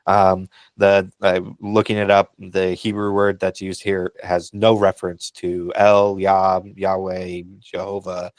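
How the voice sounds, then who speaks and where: A man with a deep voice that stays low and level speaks in a casual podcast discussion. He sounds encouraging and pastoral, peppering his thoughts with ums, and the recording is dry with no room sound. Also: completely flat delivery, a little slow, hardly any pauses, no room sound. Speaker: podcast co-host.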